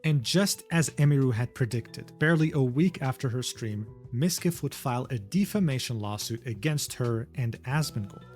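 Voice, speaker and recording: A man's voice: medium pitch, lively intonation, normal speed, few pauses, darkish tone, soft background music. A man narrating a scripted commentary video in a conversational way, with sarcastic asides and tag questions.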